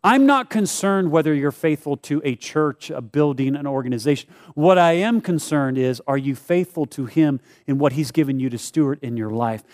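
A middle-aged pastor jokes casually with his live congregation during a church service about giving, acting out short prayers. His voice is fairly high and expressive with a darkish tone, and he speaks at normal speed with hardly any pauses.

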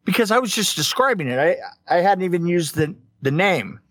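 A man with a high, lively voice chats in a halting way, with frequent ums and repeated words. He laughs easily between his sentences. The sound is dry and close, with no room echo. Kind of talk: casual chat.

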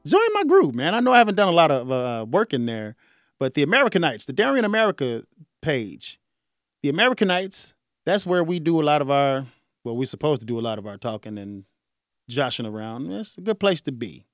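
A man in his forties hosting a radio talk show, speaking in a casual, animated way with frequent chuckles. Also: mid-range voice, fairly quick, no room sound, clean studio sound. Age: 40s. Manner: animated, conversational, chuckles often. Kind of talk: solo talk radio monologue.

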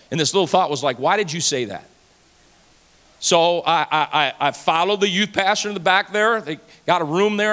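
Male pastor, fifties, sermon; conversational storyteller, bright tone, reverb of a large hall. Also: high-pitched. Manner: conversational storytelling preacher, acts out dialogue, repeats words.

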